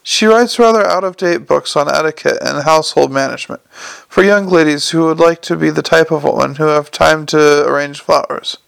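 A quick-witted male con man, sarcastic and increasingly flustered, as a male audiobook narrator plays him. The voice is gravelly and slightly high, heard dry and close. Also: fairly bright tone, no echo. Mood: exasperated.

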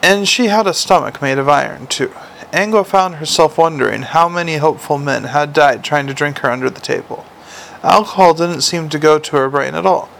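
Gravelly man reading a comic novel. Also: a little high, brisk, fairly bright tone, a little hiss or hum. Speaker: audiobook narrator.

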